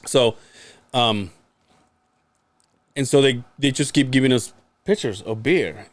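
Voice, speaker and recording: A man's voice: medium pitch, takes it slowly, no room sound. A man, a podcast co-host, telling a story in casual chat, acting out quotes, laughing and swearing freely.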